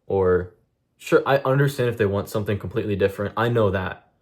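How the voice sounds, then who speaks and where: A man's voice: lowish voice, brisk. Profane, intense young man venting. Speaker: streamer. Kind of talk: casual vlog monologue to chat.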